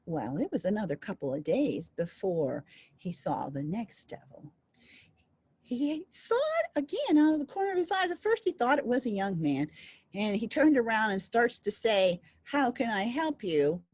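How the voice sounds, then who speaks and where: A woman storyteller telling a folk tale in a playful, animated way. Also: fairly high pitch, moderate pace, breathy edge, no echo.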